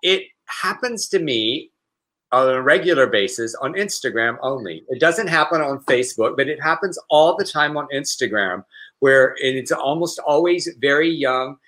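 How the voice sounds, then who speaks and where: A man's voice: mid-range voice, animated, moderate pace, a bit bright. A man co-hosting a casual news podcast, reading stories aloud and joking. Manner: reads news aloud with playful mock accent, laughs often. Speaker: podcast co-host.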